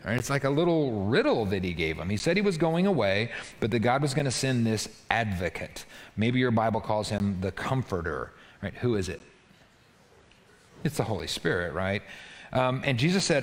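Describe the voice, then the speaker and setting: A man preaching a sermon in a lively, conversational way, often checking in with his listeners. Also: fairly low pitch, moderate pace, big-room sound. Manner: animated, conversational, frequent "right?" asides. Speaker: pastor.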